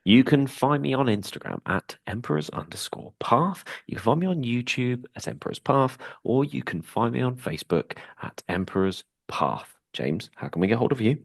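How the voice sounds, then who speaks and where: A man's voice: mid-range voice, expressive, moderate pace, vocal fry, few pauses, dry recording, clean studio sound. A man co-hosting a hobby podcast, wrapping up the episode in casual, upbeat chat. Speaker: podcast co-host.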